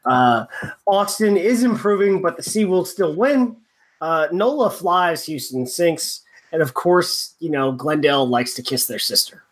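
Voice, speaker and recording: A man's voice: fairly high pitch, expressive, measured pace. Rambling, wry male podcast co-host. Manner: rambling, filler-heavy, wry. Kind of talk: casual podcast chat.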